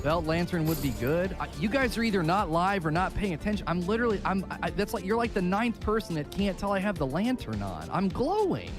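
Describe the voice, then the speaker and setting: A man's voice: high voice, very animated, fairly quick, few pauses, over music. A man streaming a game and chatting casually with his viewers, laughing often and acting playfully exasperated. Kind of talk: casual live-stream chat.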